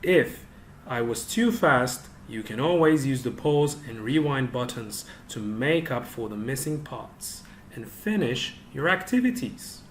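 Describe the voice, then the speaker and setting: A man teaching an online English lesson for young children, giving instructions slowly and clearly. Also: mid-range voice, lively intonation, a little hiss or hum. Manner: slow, clear instructional delivery.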